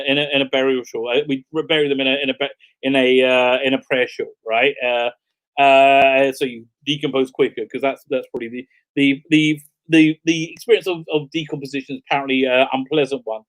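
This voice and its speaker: A man's voice: a little high, fairly bright tone. A middle-aged man hosts a casual livestream as a rabbi. He tells a story in a loose, rambling way. He laughs often and fills his sentences with fillers and restarts. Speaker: rabbi and show host.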